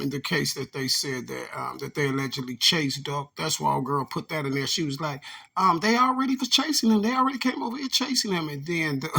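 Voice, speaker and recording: A man's voice: medium pitch, gravelly, sharp tone. A man giving casual commentary over video clips, talking straight to his viewers with lots of fillers. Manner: conversational, addresses viewers as y'all, many fillers. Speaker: commentator on a true-crime video.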